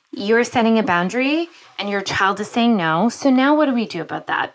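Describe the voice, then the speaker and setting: A woman's voice: mid-range voice, a bit bright. Frank woman sleep expert. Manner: frank, direct, a few hesitant restarts. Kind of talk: conversational advice.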